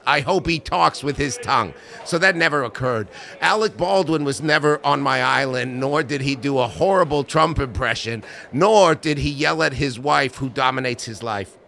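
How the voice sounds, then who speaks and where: Dude playing a smarmy rich guy rambling denials, bright voice, kinda high. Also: gravelly, exaggerated voice. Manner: rambling, mock-earnest denials with bursts of silly character voices. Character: smarmy middle-aged male tycoon denying everything. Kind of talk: comic impression.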